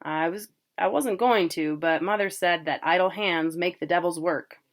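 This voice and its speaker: A woman's voice: fairly low pitch, normal speed, natural voice. A woman voicing a proud, cocky young man, the older brother home from college.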